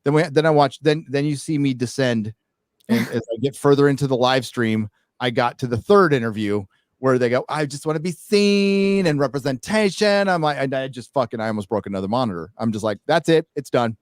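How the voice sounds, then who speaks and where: A man's voice: mid-range voice, fast, no room sound, clean studio sound. An American man hosting a podcast, sharing blunt, skeptical opinions in casual talk with frequent stammered restarts. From United States. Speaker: podcast host.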